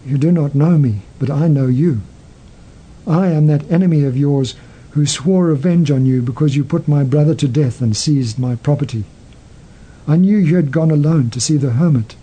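A man voicing a wounded bearded enemy who speaks weakly and contritely, in a husky voice. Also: a little high, warm tone, low-quality recording. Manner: weak, contrite.

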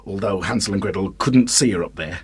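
A man's voice: low-pitched, husky, dry recording. A man narrating a children's story, with playful, wry asides to the listeners.

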